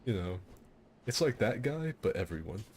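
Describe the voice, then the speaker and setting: Low-voiced man telling rambling stories. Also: sing-song, normal speed, a little mellow, slight background noise. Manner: rambling, self-interrupting, laughing at his own jokes. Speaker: streamer hosting a game fight night. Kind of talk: casual storytelling over gameplay.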